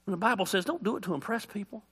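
A middle-aged pastor with a high, husky voice preaches very fast, delivering a folksy, joking sermon. He tells stories in an animated way, acting out the voices.

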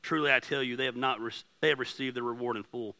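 A man's voice: medium pitch, fairly even intonation, fast talker, gravelly. A man in his forties preaching a sermon as pastor, impassioned and conversational, telling stories about his family with a self-deprecating touch. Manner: impassioned, rising to near-shouting.

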